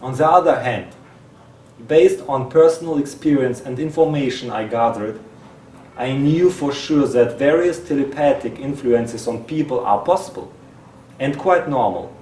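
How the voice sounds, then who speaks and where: A man reads a prepared text aloud, breaking off now and then to repeat a word or restart a phrase. His voice is mellow and mid-pitched. He sits at a distance from the mic in an echoey room with a faint hiss behind him. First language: Russian. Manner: halting, repeats words and restarts. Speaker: presenter. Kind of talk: reading a text aloud with asides.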